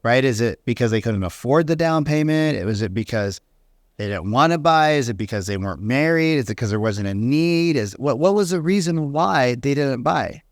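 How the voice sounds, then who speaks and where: A man coaching real estate agents in a casual, animated talk, often mimicking agents and clients in quick bursts. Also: mid-range voice, dry recording, clean studio sound.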